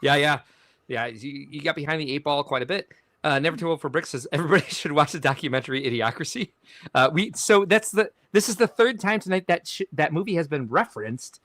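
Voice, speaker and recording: Lively male podcast host reading comments. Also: on the high side, a little fast, dry recording, clean studio sound. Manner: animated, chuckles while reading comments aloud. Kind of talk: casual livestream chat reading viewer comments.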